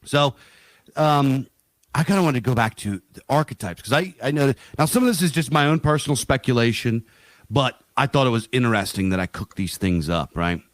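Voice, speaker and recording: A man's voice: mid-range voice, no room sound. A middle-aged man co-hosting a podcast in casual chat, rambling and swearing with many fillers and restarts. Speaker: podcast co-host.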